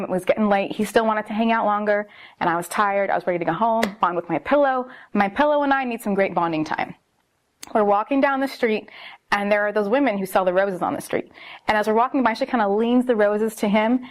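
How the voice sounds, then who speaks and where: A young woman tells a dating story straight to her camera in a casual vlog. She sounds exasperated and animated and leans on fillers. Her voice sits a touch higher than most. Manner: exasperated, animated storyteller who repeats "like" and "seriously". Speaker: vlogger telling a dating story.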